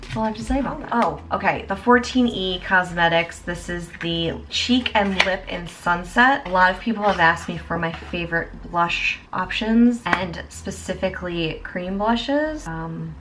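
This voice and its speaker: A young woman chatting casually as a beauty vlogger, bubbly and quick to exclaim. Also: on the low side, background noise. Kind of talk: casual chat.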